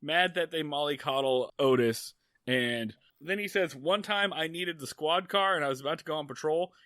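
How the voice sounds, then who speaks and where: A man's voice: a little high, moderate pace, fairly bright tone, dry recording, clean studio sound. A man co-hosting a casual comedy podcast, recapping episodes wryly with joking asides. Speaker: podcast co-host.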